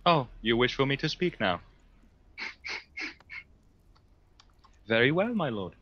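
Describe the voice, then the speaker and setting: A man's voice: medium pitch, very animated, takes it slowly, no echo, muffled recording. A man voicing a sly, eyeless male psyker who acts deferential to his lord.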